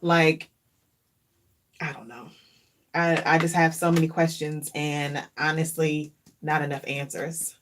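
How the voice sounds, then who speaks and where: Earnest woman in reflective chat, lower voice. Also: flat delivery, a little slow, background noise. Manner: earnest, reflective, openly emotional; repeats phrases for emphasis. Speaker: vlogger. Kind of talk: casual chat.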